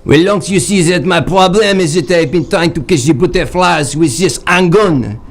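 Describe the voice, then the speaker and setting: A man playing a haughty male French butterfly collector in a put-on French accent, with overblown, halting phrasing, for an improv comedy stream. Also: fairly high pitch. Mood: grandiose. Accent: mock French.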